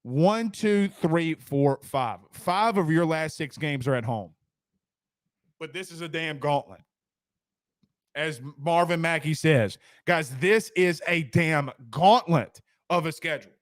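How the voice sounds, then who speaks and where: A man's voice: on the high side, no echo, studio quality. A man hosting a casual sports talk show, joking and rambling through viewer comments and repeating lines for emphasis.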